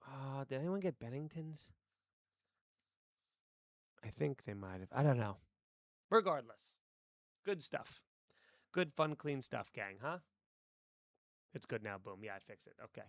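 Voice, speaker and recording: A man's voice: mid-range voice, lively intonation, normal speed, long pauses, dry recording, studio quality. A man chatting casually on a live stream, rambling to his chat while adjusting his microphone settings. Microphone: desk microphone.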